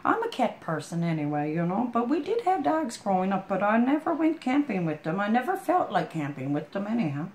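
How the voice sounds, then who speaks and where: Chatty woman with a lively voice. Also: medium pitch, fairly quick, few pauses. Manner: chatty, homespun, talks straight to a friend. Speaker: storyteller. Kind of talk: reading a picture book aloud with folksy asides. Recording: roomy echo.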